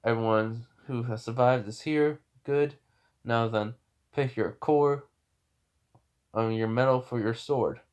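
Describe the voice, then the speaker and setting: A man's voice: mid-range voice, steady tone, slow, a little mellow, clear, resonant tone, close to an everyday voice. A man voicing polite young female attendants in a formal, courteous way.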